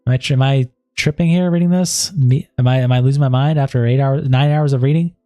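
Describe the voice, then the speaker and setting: A man's voice: mid-range voice, fast talker, few pauses, mellow, no room sound, clean studio sound, faint music behind. A man on a stream, reading a chat log aloud and breaking in with asides of disbelief.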